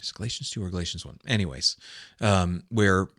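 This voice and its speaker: A man, a pastor, talking in a casual podcast discussion with earnest, animated emphasis. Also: sits low, brisk, no echo, studio quality.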